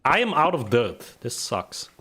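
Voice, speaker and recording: A man's voice: mid-range voice, very animated, a little slow, sharp tone, slight background noise. A young man with a vaguely Eastern European accent, chatting and joking while streaming a game, rambling and laughing often. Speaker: gaming streamer. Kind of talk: casual live gameplay commentary.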